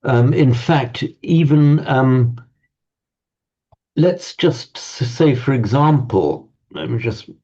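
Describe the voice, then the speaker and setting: Slow, gravelly man teaching a language. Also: mid-range voice, lively intonation, mellow, muffled recording. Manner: halting and thoughtful, with many restarts. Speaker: Pali teacher.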